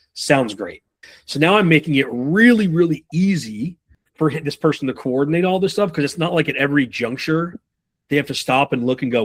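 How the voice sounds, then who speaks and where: A male sales trainer speaks to a room in a quick, loose, profane style. His voice sits at an ordinary pitch and he rattles through scenarios fast, slipping into short acted exchanges between reps and their buyers. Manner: animated, profane, acts out buyer and rep dialogue. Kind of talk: live sales training talk.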